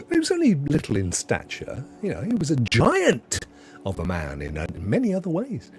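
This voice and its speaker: A man's voice: fairly high pitch, huge pitch swings, normal speed. A middle-aged man hosting a casual livestream, rambling through jokey chat and talking straight to his viewers. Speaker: livestream host.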